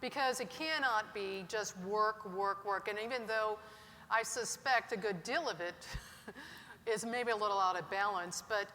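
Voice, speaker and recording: A woman's voice: mid-range voice, unhurried, bright, forceful tone. A woman moderating a panel, asking questions in a conversational, lightly humorous way. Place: large conference hall. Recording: long hall reverb with faint noise.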